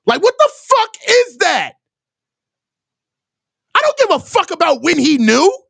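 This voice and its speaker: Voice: very high voice, wildly swooping pitch, unhurried, vocal fry, fairly bright tone, no room sound. A host of a live reaction show ranting sarcastically about a press conference, swearing freely. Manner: heated, sarcastic, swears a lot, mocks reporters in put-on voices. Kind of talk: profane sports rant.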